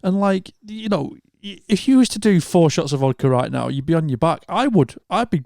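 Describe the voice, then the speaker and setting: Gravelly man telling stories. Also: a little high, a little fast, no echo, studio quality. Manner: animated storyteller, swears freely, acts out quotes. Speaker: podcast co-host. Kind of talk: casual chat, anecdote telling.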